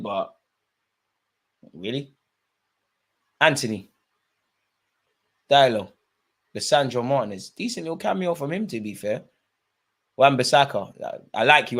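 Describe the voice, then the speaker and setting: A man hosting a live football watch-along, chatting to viewers and shouting at players and the referee. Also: medium pitch, normal speed, long pauses. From Eritrean heritage. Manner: excitable, shouts at players and ref; chatty, joking asides. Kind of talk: live match commentary to viewers.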